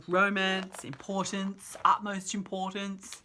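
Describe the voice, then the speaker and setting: Storyteller: woman reading a picture book aloud, bright, lively pitch, chatty and giggly. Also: a little slow, a little hiss or hum.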